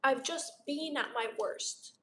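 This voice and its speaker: Speaking slowly in a high, somewhat bright voice, a young woman from Romania who has a sore throat runs a laid-back livestream. She gushes and chats, responding out loud to her viewers' messages, with roomy echo in the recording.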